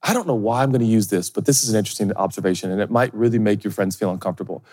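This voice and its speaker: A man's voice: lowish voice, racing, big-room sound. A middle-aged male pastor preaching a sermon, funny and self-deprecating, often acting out other people's voices. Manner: animated, humorous, acts out quoted voices.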